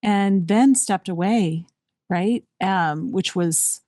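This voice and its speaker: A woman's voice: medium pitch, takes it slowly, dark tone, no room sound, studio quality. A woman hosting a podcast, chatting with enthusiasm and asking questions in a casual interview. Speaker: podcast host.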